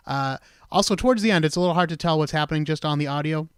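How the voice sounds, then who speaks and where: A man hosting a podcast, talking in a relaxed, chatty way with casual swearing. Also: on the high side, quick pace, smooth, no room sound, studio quality. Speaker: podcast host.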